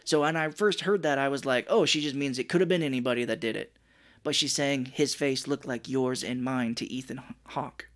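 A man co-hosts a laid-back film podcast, recapping scenes in loose, profane chat. When he quotes people he slips into quick put-on voices. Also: mid-range voice, a bit bright. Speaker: podcast co-host. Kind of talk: casual chat.

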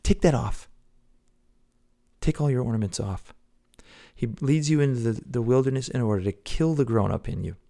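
A man preaching a devotional podcast sermon, earnest, swinging between loud exhortation and hushed whispers. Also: mid-range voice, moderate pace, gravelly, pauses often.

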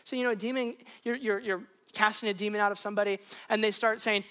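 A woman's voice: mid-range voice, fast talker, hardly any pauses. Woman pastor for a sermon, casual story-driven delivery, lots of false starts, mid-range voice. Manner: conversational, animated storytelling with frequent restarts. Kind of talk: sermon told as a personal story.

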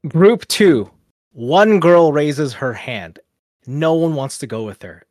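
A man's voice: fairly high pitch, big pitch swings, slow pace, a little mellow, no echo, clean studio sound. A man, co-hosting a podcast and telling a long casual story full of fillers and quoted asides. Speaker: podcast co-host.

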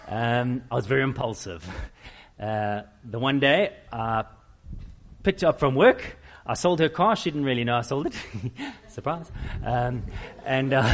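A middle-aged man preaching a sermon, with animated, self-deprecating storytelling. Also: medium pitch, slight background noise. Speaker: pastor.

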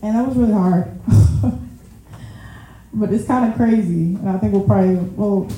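A woman preacher with a warm mid-range voice keeps a moderate pace in her easygoing, chatty sermon, using y'all and often laughing at herself. There's slight background noise, and the room is very echoey.

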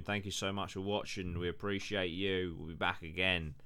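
A man's voice: deep voice, fairly even intonation, moderate pace, pushed and bright, smooth. A man hosting a podcast, telling stories in loose casual chat, full of fillers and swearing. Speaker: podcast host.

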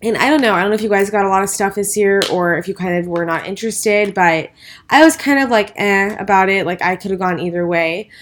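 A woman's voice: mid-range voice, a little fast. A tired, stressed woman co-hosting a casual podcast, talking in a rambling, hesitant way with lots of fillers. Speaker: podcast co-host. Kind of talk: casual chat.

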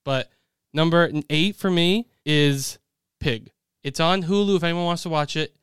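A young man hosting a casual chat, excitable and quick with exclamations. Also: a little high, smooth, dry recording, clean studio sound. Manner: excitable, talks fast with exclamations. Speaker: podcast host.

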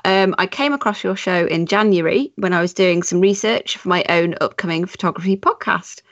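A woman's voice: on the low side, brisk, no room sound, muffled recording. Giggly woman podcast co-host reading emails. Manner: giggly, reads emails with amused asides. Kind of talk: casual podcast chat and reading aloud.

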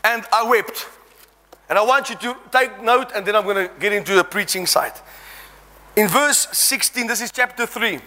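A man's voice: high voice, moderate pace, sharp tone. A man preaching an impassioned sermon, reading scripture aloud and exhorting his congregation. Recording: long reverb in a large hall.

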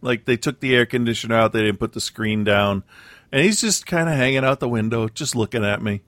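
A man's voice: mid-range voice, fairly quick, fairly bright tone, no room sound. A man co-hosting a podcast, telling stories in a rambling, hesitant way with many fillers. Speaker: podcast co-host. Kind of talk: casual chat.

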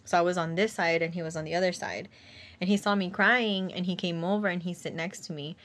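A young woman with a slightly low voice tells a personal story in casual conversation. She rambles with many fillers and acts out what others said to her. Her tone stays somber and reflective. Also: fairly even intonation, brisk, a bit bright. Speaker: guest sharing a personal story. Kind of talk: casual chat.

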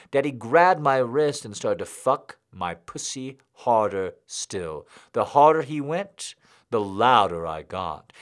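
A man hosting a live comedy show, reading a story aloud and signing off in an animated, rambling, self-deprecating way. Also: lowish voice. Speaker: host.

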